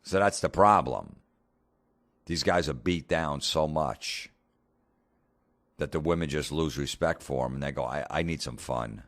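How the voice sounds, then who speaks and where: A comedian hosting a podcast, telling a blunt, profane story in a casual rant. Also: male voice, a bass voice, a little slow, pauses often, a bit bright.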